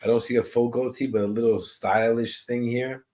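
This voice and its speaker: Man giving a slow psychic reading. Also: mid-range voice, steady tone, darkish tone. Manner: slow, searching descriptions, greets and answers viewers' comments. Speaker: psychic medium. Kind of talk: live online mediumship reading.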